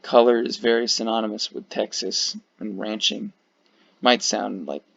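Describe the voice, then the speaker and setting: Tired male creator, low gravelly voice, swearing offhand commentary, lo-fi mic. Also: steady tone, unhurried, pauses often, a bit bright. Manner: rambling, profane, many fillers. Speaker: video creator ranking flags. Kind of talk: casual commentary. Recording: dull lo-fi mic.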